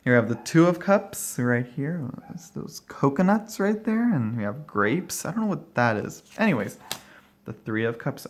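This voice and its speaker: A man's voice: mid-range voice, expressive, moderate pace, slight background noise. A man casually walking through a tarot deck at home, rambling and thinking aloud with many fillers and short laughs. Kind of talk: casual walkthrough talk. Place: at home, dog barking nearby.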